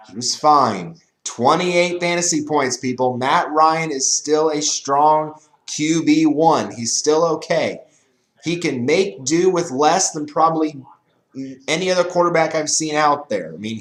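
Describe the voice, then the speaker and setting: A man's voice: on the high side, a little slow, fairly bright tone. A man hosting a fantasy football show, talking through picks in a casual, emphatic monologue full of repeats and restarts. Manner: emphatic, repetitive, mock-panicky voice when quoting fans. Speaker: fantasy football podcast host. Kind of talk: casual sports analysis monologue. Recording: roomy echo.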